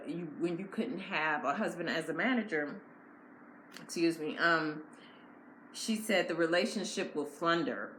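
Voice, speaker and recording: Woman, lowish voice, blunt, opinionated, casual recap commentary, echoey room. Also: fairly bright tone. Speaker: reality show recap host. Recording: echoey room with faint noise.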